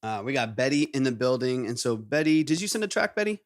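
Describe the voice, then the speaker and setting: A man hosting a live stream in casual chat, upbeat and quick to praise. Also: mid-range voice, big pitch swings. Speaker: live stream host reviewing music submissions.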